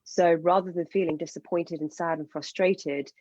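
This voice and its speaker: A woman's voice: lowish voice, fairly even intonation, normal speed, dark tone, no echo, lo-fi sound. A woman guest talking as a fertility coach in a podcast interview, explaining with passion and enthusiasm.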